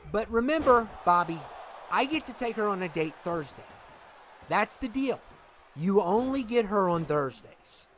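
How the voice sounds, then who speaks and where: A bossy, arrogant heel announcer, put on by a man, pitched high and loud. He insists on getting his way in every line. This is a wrestling game video. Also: lively intonation, measured pace, a little hiss or hum.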